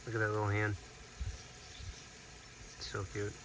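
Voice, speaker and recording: A man hosting a casual outdoor vlog at an animal sanctuary, chatty and relaxed as he explains what he is doing. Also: on the low side, unhurried, noisy background. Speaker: sanctuary keeper and vlog host.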